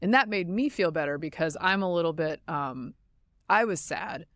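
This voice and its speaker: Woman in her 40s, podcast host, lively storyteller with frequent laughs, dry close mic. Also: fairly low pitch, moderate pace, no echo. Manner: animated storytelling, laughs often. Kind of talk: casual chat.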